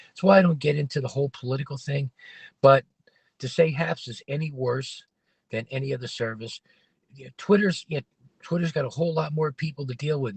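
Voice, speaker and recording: Man, husky voice, casual opinionated livestream rant, rambling restarts, dry car sound. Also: medium pitch, dry recording. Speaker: livestream host. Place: parked car warming up.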